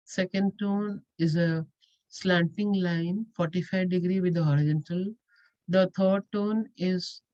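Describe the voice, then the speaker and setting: A woman with a lowish, mellow voice gives a patient, step-by-step lecture and goes back over her key points. The recording is dull and lo-fi. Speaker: language teacher. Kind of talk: explanatory lecture.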